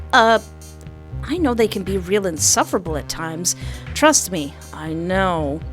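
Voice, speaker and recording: A woman streamer reading a story game aloud and adding joking, expressive comments between lines. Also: mid-range voice.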